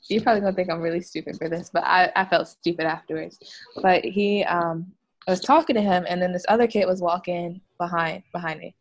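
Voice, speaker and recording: A woman in a casual chat, curious and telling a story with light laughs. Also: on the low side.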